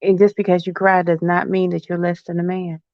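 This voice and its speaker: A man hosting a casual livestream chat, talking in an easygoing way with drawn-out phrases. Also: high voice, completely flat delivery, no echo. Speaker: host. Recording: dry, dull-sounding stream audio.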